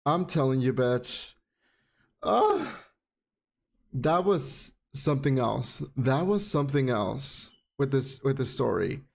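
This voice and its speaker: A man hosting a casual show, recapping comics in an expressive, sassy way, full of swearing and dramatic repeated exclamations. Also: medium pitch, slow, vocal fry. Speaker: podcast host.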